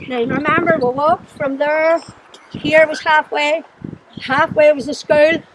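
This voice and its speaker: Older Northern Irish woman, high voice, chatty storyteller, noisy recording. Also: fairly even intonation, a little slow. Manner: chatty storyteller, laughs often. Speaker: storyteller to children. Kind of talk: recounting childhood memories. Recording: noisy background.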